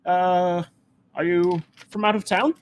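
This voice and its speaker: A man's voice: high voice, little pitch movement, takes it slowly, slight background noise, voice pushed up. A man voicing a hospitable male shopkeeper who chats and stammers a little. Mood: welcoming. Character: friendly male shopkeeper in a small town.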